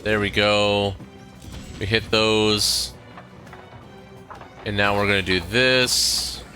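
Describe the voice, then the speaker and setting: A man giving casual, relaxed commentary while he plays a video game. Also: lowish voice, faint music behind. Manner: slow, relaxed, chatty. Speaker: gameplay host.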